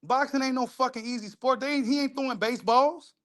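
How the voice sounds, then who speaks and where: Reacting to a video, a man speaks fast in a high, excitable register. His loose, casual commentary is repetitive and emphatic, full of repeated lines and freely dropped curse words in a profane street style.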